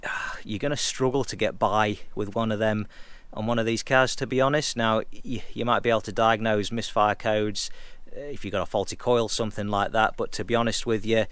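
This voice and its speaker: A man talks through car gear in an easygoing, candid vlog style, addressing his viewers directly. His voice sits fairly low, and the sound is dry and close with little room echo. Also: fairly even intonation, a little fast, fairly bright tone, clear, resonant tone. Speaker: car enthusiast vlogger. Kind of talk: casual explanatory car vlog.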